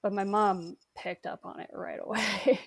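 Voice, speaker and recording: A young woman in an interview recounting a personal ordeal, halting, with restarts and nervous laughs. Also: mid-range voice, steady tone, creaky, husky. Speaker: interview guest recounting abuse.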